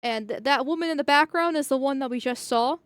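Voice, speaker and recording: A blunt woman streamer narrates and reacts in a casual, swearing, sarcastic way. Her voice sits a little high, and the recording is close and dry. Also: fast, no room sound. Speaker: streamer commentator.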